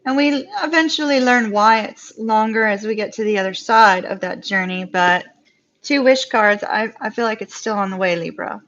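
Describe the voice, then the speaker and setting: A woman with a Southern US accent giving a live tarot reading, chatty and reassuring and quick to laugh. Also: medium pitch, fairly bright tone. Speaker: tarot reader. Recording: dull lo-fi live-stream audio.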